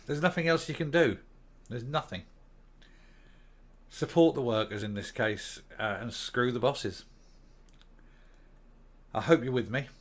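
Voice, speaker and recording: An older man, the host of his own channel, ranting angrily to camera with swearing and emphatic outbursts. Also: medium pitch. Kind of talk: opinion rant to camera.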